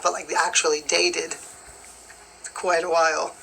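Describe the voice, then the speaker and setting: Young woman singer, bright voice, chatty phone live-stream Q&A, rambling, faint background noise. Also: low-pitched, little pitch movement, measured pace, vocal fry, rough recording. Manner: chatty and rambling, full of "like" and "you know". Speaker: singer answering fan questions.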